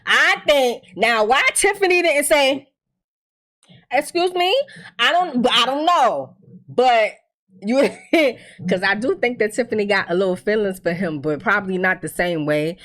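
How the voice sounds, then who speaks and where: A woman's voice: fairly high pitch, lively intonation, normal speed, a bit bright. A woman giving a casual, blunt, profane recap of a TV episode, acting out the characters' lines as she goes.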